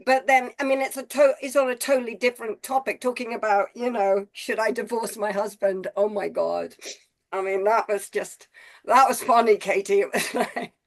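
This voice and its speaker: A woman's voice: a little high, steady tone, normal speed. A woman on a group video call, gushing with praise, rambling with many fillers. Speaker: call participant.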